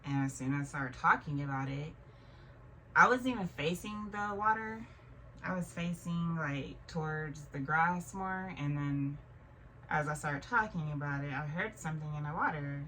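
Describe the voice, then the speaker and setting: A woman in her thirties tells a strange story in a low voice, rambling and restarting her sentences with plenty of fillers. She sits a little back from the mic, and faint noise runs under her voice. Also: pushed and bright, far from the mic, rough recording. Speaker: vlogger. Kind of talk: casual storytelling monologue.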